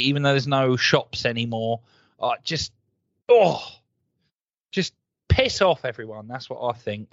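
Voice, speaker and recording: A man co-hosting a casual podcast, ranting and swearing in an animated, jokey way. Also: mid-range voice, dry recording, lo-fi sound. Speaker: podcast co-host. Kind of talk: casual chat.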